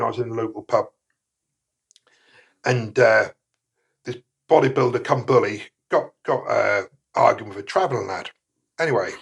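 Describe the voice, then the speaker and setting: A middle-aged man talks in a gravelly, husky voice. He rambles loosely and swears often, full of "uh" and "type of thing". It sounds like casual storytelling as a podcast guest. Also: medium pitch. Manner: rough, sweary, rambling with many fillers. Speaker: guest, former prisoner.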